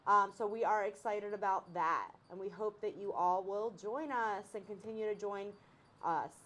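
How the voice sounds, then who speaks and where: A woman's voice: mid-range voice, normal speed, a bit bright. A woman co-hosting a trivia game in a chatty, casual way with frequent fillers. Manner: chatty, laughing, with many fillers. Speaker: trivia co-host.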